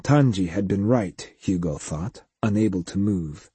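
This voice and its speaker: A man narrating a science-fiction audiobook with expressive storytelling. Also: on the low side, measured pace, few pauses, husky, dry recording. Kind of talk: scripted narration.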